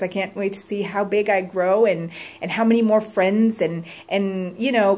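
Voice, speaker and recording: A woman's voice: medium pitch, darkish tone. Young woman, direct sales consultant, gushing, enthusiastic, testimonial vlog.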